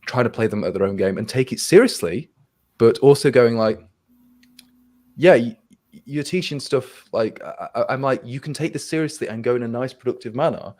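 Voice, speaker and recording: A man's voice: mid-range voice, fast talker, darkish tone. A young Englishman with an English accent on a video call, telling a wry story in casual chat, with many restarts and quoted back-and-forth. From England.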